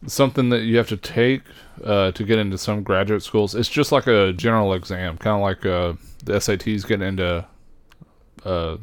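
Young male co-host, low voice, relaxed and halting, dry sound. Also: smooth, no room sound. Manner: laid-back, hesitant, many fillers. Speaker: podcast co-host. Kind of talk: casual chat.

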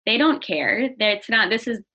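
A young woman speaking earnestly and openly in a personal conversation, getting animated when she talks about anger. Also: mid-range voice, measured pace, slightly rough. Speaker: guest. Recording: dull lo-fi audio.

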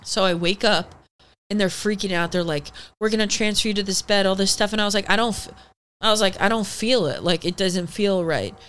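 A young woman, a podcast guest, telling a personal story in casual chat, animated and swearing freely, acting out the people she quotes. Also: mid-range voice, brisk, smooth. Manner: acts out the people in her story.

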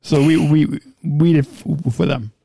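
A man's voice: normal speed, vocal fry, warm tone, breathy edge. A man co-hosting a casual podcast, reading listener questions in a playful radio voice. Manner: reads listener questions in a high sing-song radio voice. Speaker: podcast co-host.

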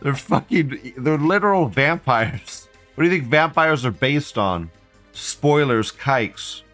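A man with a mid-range, fairly bright voice speaks expressively and slowly, with faint music in the background. He's a livestream host reading chat, ranting in an agitated, profane way and firing off question after question.

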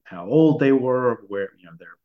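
A man's voice: mid-range voice, lively intonation, normal speed. A man co-hosting a podcast discussion, talking in a hesitant way with many restarts and fillers. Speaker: podcast co-host. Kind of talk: conversational discussion. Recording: dull lo-fi recording.

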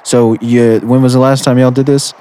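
A man's voice: medium pitch, flat delivery, moderate pace, dark tone. Easygoing male radio host. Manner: easygoing, steering the call along. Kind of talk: call-in radio banter.

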